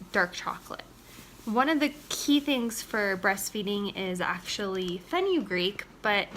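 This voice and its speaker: A woman's voice: medium pitch, background noise. A young woman, a mother, chatting casually to the camera at home in a family vlog, rambling on with lots of "and" and "like". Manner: chatty, rambling, strings clauses with "and" and "like". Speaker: family vlogger.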